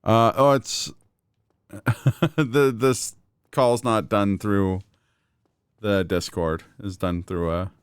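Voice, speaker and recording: A man's voice: lowish voice, fairly even intonation, extremely slow, pauses often, clear, resonant tone, no echo, clean studio sound. A man chatting casually on a live gaming stream, often laughing and rambling through stories.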